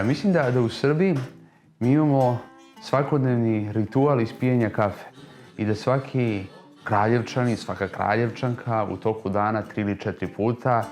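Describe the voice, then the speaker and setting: A low-voiced man describes daily customs in a documentary interview. Faint guitar music plays behind him. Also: a little mellow.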